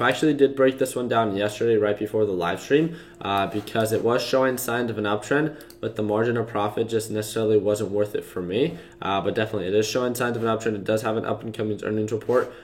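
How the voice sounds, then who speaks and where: Low-voiced man talking stock charts live. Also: fairly even intonation, fast, few pauses. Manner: loose and rambling, full of fillers and restarts. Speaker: stock trading livestream host. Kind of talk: casual market commentary to live viewers.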